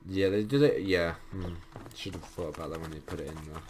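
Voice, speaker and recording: A man's voice: deep voice, fairly quick, a little mellow, slight background noise. A young man giving casual let's-play commentary, thinking aloud with frequent ums as he plays. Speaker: gameplay commentator.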